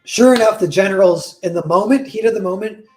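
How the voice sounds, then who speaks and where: A man's voice: high voice, brisk, a little mellow, soft background music. A man casually retelling a fairy tale, rambling with lots of "like" and correcting himself as he goes. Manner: rambling, full of "like" and self-corrections. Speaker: storyteller.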